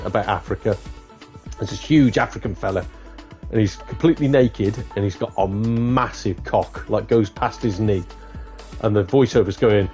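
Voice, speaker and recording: A man's voice: medium pitch, a little mellow. Jokey man chatting on a game stream. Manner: jokey, laughs often, says "mate". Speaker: gaming streamer. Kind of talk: casual live-stream chat.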